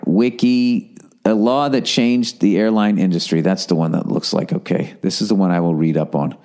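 A man's voice: low voice, darkish tone. A middle-aged man hosting his own podcast, ranting with profanity and sarcasm and reading listener emails aloud with running asides. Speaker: podcast host. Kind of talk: solo rambling podcast monologue.

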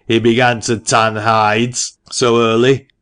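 A man voicing a brusque, sharp-tongued old male parson in an audiobook, loud and scolding. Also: medium pitch, flat delivery, slow, smooth. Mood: gruff. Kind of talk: audiobook character reading.

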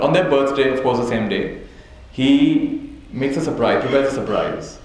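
This time the man is animated, medium-pitched and darkish in tone, going at a moderate pace. As a spiritual teacher addressing a live audience, he tells stories, chuckles often and asks "right?". Captured in a highly reverberant hall with faint noise.

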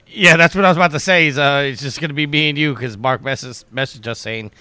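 A man's voice: fairly high pitch, quick pace, sharp tone, clean tone, dry recording. A man hosting a podcast, upbeat and steering the chat along. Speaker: podcast host. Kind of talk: casual chat.

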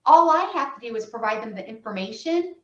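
A woman working as a patient advocate, telling a story in an interview with lively, re-enacted dialogue. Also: on the high side, a little fast, echoey room, lo-fi sound.

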